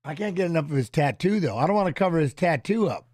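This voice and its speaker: A man's voice: a little high, expressive, fast talker, a little mellow, no echo. Rambling middle-aged man, dry home stream. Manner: rambling, loose, drops filler tags. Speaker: streaming host and former fighter. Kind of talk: casual livestream chat while watching fights. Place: home office.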